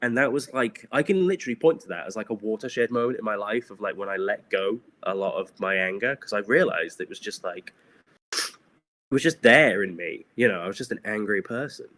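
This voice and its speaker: A man's voice: lowish voice, fairly quick, fairly bright tone. A middle-aged man, a guest animator, talking candidly in a casual interview, rambling with many fillers and frequent laughs.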